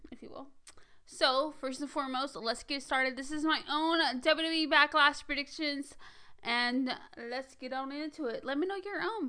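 A young woman hosting a podcast, chatting in a hurried, casual way with lots of fillers as she gives her predictions. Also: high voice, sharp tone, smooth. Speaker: podcast host. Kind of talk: casual wrestling predictions chat.

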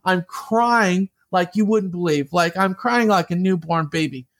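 Lively man telling a story with a slightly high voice. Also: measured pace. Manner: lively, laughing, acts out quoted voices. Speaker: interview guest. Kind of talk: animated personal storytelling.

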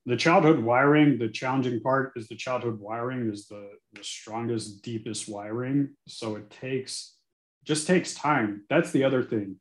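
A man in his forties with a medium pitch talks candidly and earnestly as a podcast guest, growing animated and occasionally cursing. His voice bounces around a roomy, echoey space. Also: unhurried. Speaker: guest, attorney. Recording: echoey room.

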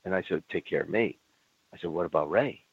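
In dry, phone-like audio with no room sound, an older former pro wrestler speaks in a low, husky voice as a guest in an interview. His storytelling is candid and blunt, full of swearing, and he plays both sides of old arguments in rapid back-and-forth.

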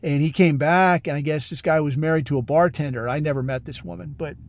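A man's voice: on the high side, fairly even intonation, a little fast. A man hosting a podcast, telling a long rambling story in blunt, profane, casual talk full of fillers. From military special operations community. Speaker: podcast host.

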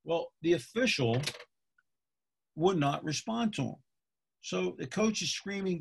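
His voice is a little high, expressive and brisk, gravelly with a breathy edge. He's a middle-aged football official from Pennsylvania, USA, folksily coaching other officials, repeating points and asking "okay?"

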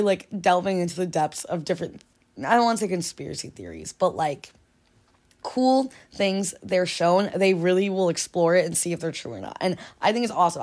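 A young woman chats alone into a podcast mic, rattling along at a quick clip. Her voice sits a little low for a woman, and she rambles, giggles and lets sentences fade to a mumble before picking back up. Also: darkish tone. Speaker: podcast host. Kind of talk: casual solo podcast chat.

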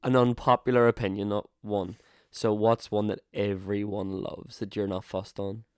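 A man's voice: fairly low pitch, level tone, normal speed, smooth, no room sound, clean studio sound. A young man hosting a casual podcast chat, swearing freely and laughing often. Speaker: podcast host.

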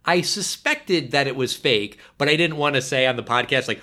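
A man chatting on a podcast in a bright, forward voice. He talks in an animated, wry way, full of casual fillers. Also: medium pitch, fairly quick, hardly any pauses. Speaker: podcast co-host.

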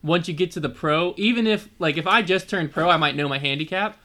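A man's voice: on the high side, fairly quick, pushed and bright. A man on a casual sports podcast who keeps circling back to press his argument.

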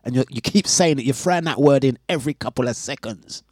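A man hosting a breakfast radio show, telling a story in a casual, animated way with laughs and exasperation. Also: mid-range voice, quick pace, dry recording, studio quality. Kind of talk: casual chat on live radio stream.

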